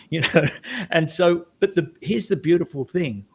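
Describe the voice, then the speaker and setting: A man's voice: on the high side, lively intonation, normal speed, slightly rough. A middle-aged man with a mild, neutralized Australian accent, talking reflectively as an interview guest and often restarting his sentences. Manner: reflective, hesitant, many restarts. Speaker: guest, guided meditation creator. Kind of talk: casual conversation.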